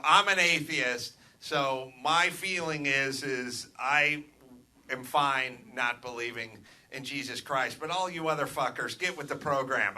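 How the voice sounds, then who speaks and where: A middle-aged man hosting a live comedy podcast from a club stage, ranting with profanity and building to shouts. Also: medium pitch. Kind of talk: live stand-up style rant.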